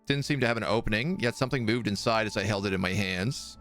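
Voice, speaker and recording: A man streaming a game, reading its story text aloud in a measured way and chatting softly to his cat between passages. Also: lowish voice, soft background music.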